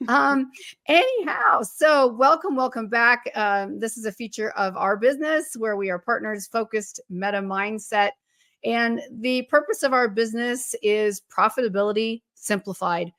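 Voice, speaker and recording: Hoarse, husky woman co-host, cheerful chat, higher voice, dry studio. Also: measured pace, fairly bright tone, no echo. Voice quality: husky, froggy. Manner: upbeat, laughs often. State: hoarse from losing her voice. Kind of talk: casual podcast chat.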